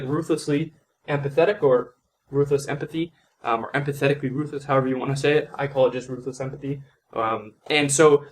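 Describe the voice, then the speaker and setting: A man's voice: fairly high pitch, a little hiss or hum. A man coaching on sales in a loose, conversational way, acting out both sides of a sales call as he explains. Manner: loose and conversational, lots of "man" and "like", role-plays sales calls. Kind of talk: casual teaching monologue.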